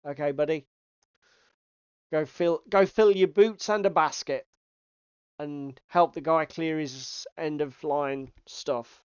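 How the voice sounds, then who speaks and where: A man's voice: a little high, steady tone, takes it slowly, long pauses, darkish tone, smooth, no echo. A man co-hosting a casual podcast chat, reading out viewer comments and swearing freely. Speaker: podcast co-host. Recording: dull, slightly lo-fi sound.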